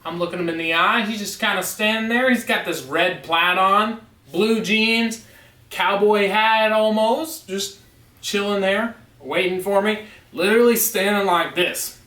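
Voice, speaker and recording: A man's voice: high voice, measured pace, sharp tone, far from the mic. A man telling a story on a vlog, in an emphatic and insistent way. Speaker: vlogger. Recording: echoey room, away from mic.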